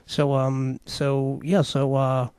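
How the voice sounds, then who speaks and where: A man's voice: mid-range voice, monotone, slow, a little mellow, clear, resonant tone, no echo. A man hosting a talk show, commenting casually on clips and rambling with many fillers and restarts.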